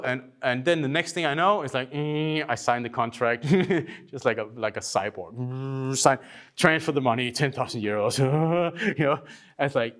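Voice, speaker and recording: A man from Denmark giving a workshop talk, telling lively stories, acting out other people's voices and swearing casually. He says he is short on sleep. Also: mid-range voice. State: tired from lack of sleep. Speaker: workshop speaker.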